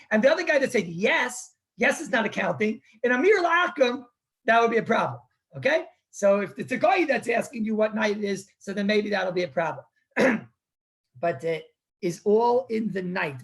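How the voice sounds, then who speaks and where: A man, a rabbi, teaching an informal live online class on Jewish law, talking conversationally, repeating words and often clearing his throat. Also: high voice.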